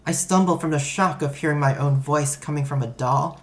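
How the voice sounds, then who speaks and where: Low-voiced woman narrating. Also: a little fast. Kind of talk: first-person story narration.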